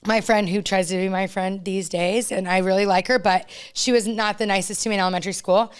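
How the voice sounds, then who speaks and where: Smooth-voiced woman, earnest storyteller. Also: mid-range voice. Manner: earnest, heartfelt storyteller with many "like" fillers. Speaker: podcast co-host; youth team coach. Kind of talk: casual storytelling chat.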